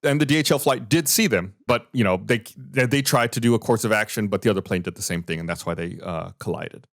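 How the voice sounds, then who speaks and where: A man with a somewhat low voice talks through events on a podcast. He explains and reads report findings in a loose, conversational way. The sound is dry and close, with no room around it. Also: quick pace, gravelly, no room sound. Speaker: podcast host. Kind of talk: casual podcast discussion.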